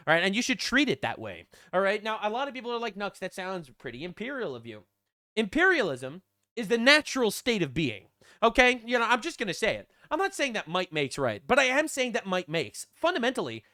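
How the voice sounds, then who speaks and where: A man's voice: high-pitched, sharp tone, dry recording, clean studio sound. A man doing reaction commentary, sarcastic and mocking, often laughing at what he reads. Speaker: online political commentator.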